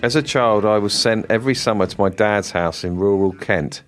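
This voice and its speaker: A man's voice: fairly low pitch, a little fast, faint music behind. A man co-hosting a podcast, reading listener stories aloud with dry, sweary delivery. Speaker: podcast co-host.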